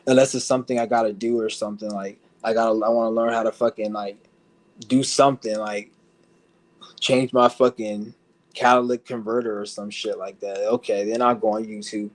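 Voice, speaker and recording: A man's voice: lowish voice, flat delivery, brisk. Man ranting bluntly to his stream. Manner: profane, blunt, laughs often. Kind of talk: casual rant to camera. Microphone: streaming setup.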